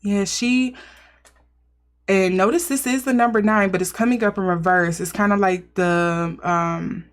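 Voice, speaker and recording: A woman's voice: medium pitch, fairly even intonation, unhurried. A woman giving a casual intuitive tarot reading, musing and thinking aloud as she speculates. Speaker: tarot reader.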